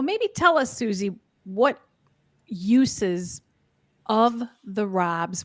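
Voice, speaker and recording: A woman's voice: medium pitch, dry recording, clean studio sound. A woman co-hosting a business talk show, chatty and playful in manner. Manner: chatty, playful, laughs at herself. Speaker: co-host. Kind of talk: casual video podcast talk.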